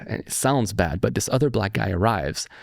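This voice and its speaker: Gravelly-voiced podcast host, low and dry. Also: male voice, a little slow, dry recording. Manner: animated storyteller, acts out quoted voices. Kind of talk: casual political podcast chat.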